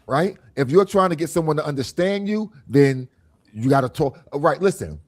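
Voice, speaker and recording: Speaking at a normal speed in a fairly high voice, this male podcast host leads a relaxed group talk show, telling lively stories full of analogies, imitating what others said, laughing a lot, and circling back to repeated phrases.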